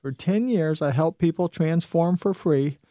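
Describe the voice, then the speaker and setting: Male radio host, folksy pitchman, slightly high, dry close sound. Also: unhurried, mellow, no room sound. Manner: folksy, salesy, repeats phrases, many "you know"s. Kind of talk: talk radio monologue with testimonials.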